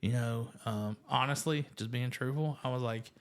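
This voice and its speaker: A man's voice: mid-range voice, moderate pace. Man telling a faith story, self-mocking. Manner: animated, self-deprecating, filler-heavy. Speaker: guest sharing testimony. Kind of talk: casual storytelling.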